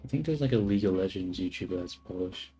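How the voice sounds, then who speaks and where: A man's voice: low voice, expressive, fast talker, warm tone, faint music behind. A young man streaming his 3D modeling work, thinking aloud in casual chatter, trailing off and correcting himself as he goes. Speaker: livestreamer doing 3D modeling.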